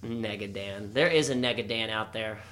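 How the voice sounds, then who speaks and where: A man's voice: fairly low pitch, moderate pace, fairly bright tone. A man co-hosting a casual podcast chat with a Baltimore accent, rambling and joking with lots of swearing. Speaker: podcast co-host.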